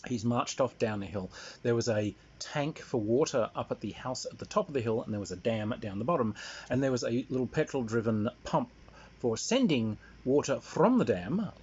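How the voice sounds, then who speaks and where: A man's voice: mid-range voice, lively intonation, moderate pace, a little mellow, a little hiss or hum. A man telling a rambling, wry family anecdote in a casual way. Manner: rambling, wry, many fillers. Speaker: storyteller. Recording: dull lo-fi sound.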